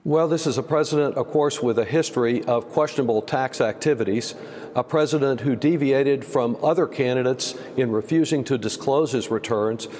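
A man's voice: mid-range voice, moderate pace, darkish tone. A man from Texas, a congressman, answering a news interview in a pointed, emphatic way with many fillers. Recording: long reverb, faint background noise.

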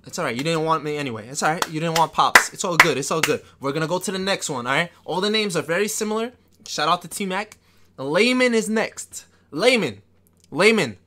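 A man streaming a basketball video game live, talking fast and loose to his chat, excitable and quick to yell or laugh. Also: on the high side. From New York. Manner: excitable, trash-talking, bursts into yelling and laughter. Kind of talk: live gameplay commentary.

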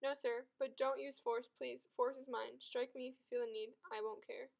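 A gentle giant of a strongman, voiced by a woman, mild and simple in speech, with a gravelly creak in a slightly high voice. Storybook reading. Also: fairly even intonation, normal speed. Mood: plain.

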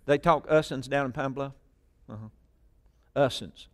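A man preaching a sermon to a congregation, calling out lines for them to repeat, moving between loud emphatic bursts and quiet asides. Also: medium pitch, normal speed, long pauses. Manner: call-and-response preaching, prompting the congregation to repeat. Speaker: pastor. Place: church sanctuary with congregation.

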